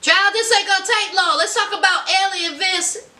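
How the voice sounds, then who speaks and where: Brief: sassy woman vlogger, very high and bright voice, echoey room, distant mic. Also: fairly quick. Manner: sassy, chatty, colloquial. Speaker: reality TV recap vlogger. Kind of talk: casual recap commentary.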